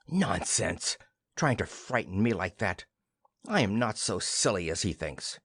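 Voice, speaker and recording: Young wife with a secret, read by a man, pleading, lively pitch, dry close sound. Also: measured pace, slightly rough, no echo, full character voice. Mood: uneasy. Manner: pleading then brushing off worry.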